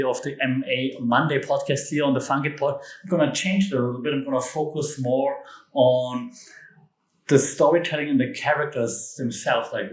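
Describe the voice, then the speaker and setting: A man from Europe hosting a solo podcast, talking casually with enthusiasm, emphatic jokey asides and restarts. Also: mid-range voice. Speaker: podcast host. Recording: echoey room.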